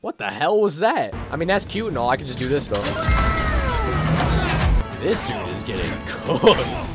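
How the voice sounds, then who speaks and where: A young man giving comedic gameplay commentary, with loud excitable reactions, jokes and mumbled asides. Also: medium pitch, a little slow. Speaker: gaming YouTuber. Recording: game music underneath.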